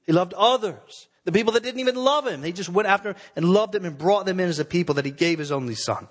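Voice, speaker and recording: Man, pastor, sermon, earnest and exhorting, slightly high voice. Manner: earnest, exhorting, with slowed emphatic phrases.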